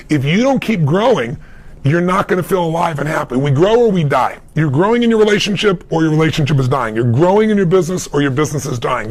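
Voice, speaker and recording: A middle-aged man, a motivational speaker, answering a question in an emphatic storytelling manner, swinging between loud and soft. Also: on the high side. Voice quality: gravelly, husky. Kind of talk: conversational interview answer.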